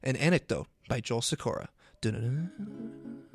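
A man's voice: mid-range voice, lively intonation, a little fast, soft background music. A man co-hosting a podcast in casual chat, playful and teasing. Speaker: podcast co-host.

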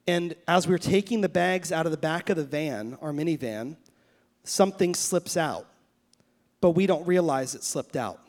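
A man's voice: a little high, darkish tone. A man in his thirties preaching a sermon as pastor. He tells stories in a chatty way with many restarts, then builds to fervent, emphatic preaching. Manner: anecdotal storytelling with many restarts.

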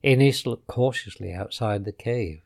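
A man narrating a children's storybook in an expressive, unhurried way. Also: mid-range voice, gravelly.

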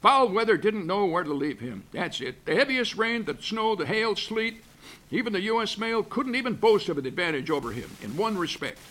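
A man playing a grumpy curmudgeon who reads a holiday story aloud with gruff asides and chuckles. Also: high-pitched, expressive, moderate pace, a bit bright. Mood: grouchy. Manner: gruff asides, chuckling, stumbling over words. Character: grumpy Scrooge-loving male curmudgeon reading a story. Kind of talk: comic reading of a holiday story. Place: backstage at a museum.

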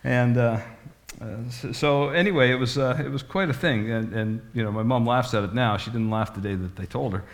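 A man's voice: medium pitch, a little fast. A man in his sixties, a pastor telling stories in a folksy, rambling sermon. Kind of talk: storytelling sermon.

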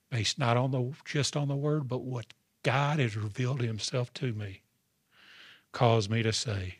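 A male pastor delivers a sermon in a husky voice of middling pitch. He preaches with call-and-response asides to his congregation. The sound is dry and close. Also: unhurried, no room sound.

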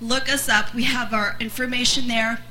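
A woman's voice: on the high side, steady tone, moderate pace, sharp tone. A woman reading church announcements.

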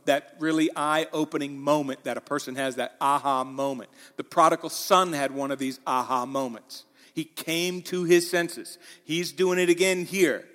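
A man preaching a sermon in a church, animated, acting out the quoted lines with rising intensity. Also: a little high, in a large hall. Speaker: pastor.

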